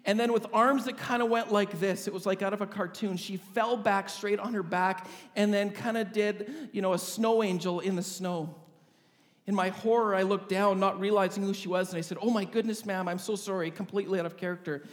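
A man's voice: high voice, steady tone, fairly quick, long reverb tail. A man, a pastor, telling a humorous story in a vivid storytelling sermon.

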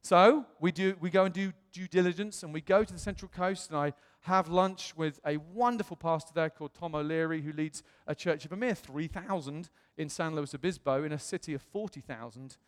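British pastor in a reverberant hall. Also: male voice, on the high side, a little fast, hardly any pauses. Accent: British English. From England. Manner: animated, acts out quoted voices. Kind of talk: storytelling sermon.

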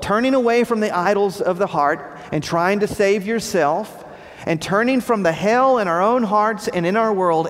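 High-voiced preaching man in a reverberant hall. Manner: emphatic preaching with repeated phrases, voice dropping at line ends. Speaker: pastor. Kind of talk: sermon. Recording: long reverb of a large hall.

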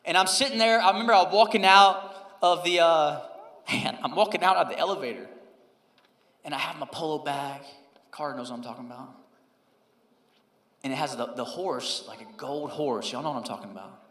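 Young male pastor, bright, slightly high voice, casual storytelling sermon, roomy church echo. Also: brisk, long pauses. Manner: storytelling, conversational and animated, drops low and soft when quoting the Lord. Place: church sanctuary. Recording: echoey church hall with long reverb.

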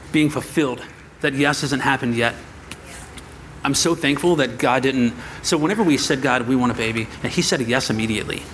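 Animated man preaching a story. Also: mid-range voice, a little hiss or hum. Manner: animated storytelling, acts out quoted voices. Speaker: pastor. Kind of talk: sermon storytelling to a congregation. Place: church sanctuary.

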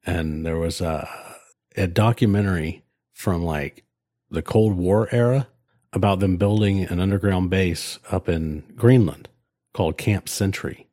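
A man's voice: low voice, a little slow, mellow, no room sound, studio quality. A man co-hosting a podcast in casual chat, rambling with lots of fillers and restarts. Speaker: podcast co-host.

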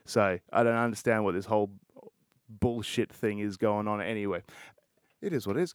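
A man's voice: on the low side, moderate pace, clean tone, no echo, studio quality. A man hosting a solo podcast, talking in a frustrated, rambling way and swearing a lot. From Australia. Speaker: podcast host. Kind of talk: casual solo podcast rant.

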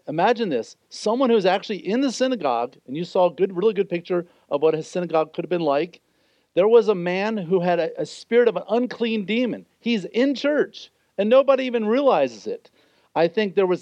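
A pastor delivers an earnest expository sermon in a high, light voice. The sound is dry and close, with no room echo. The recording is a little dull and muffled. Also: male voice, a little mellow. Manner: earnest expository preaching, acts out quoted voices.

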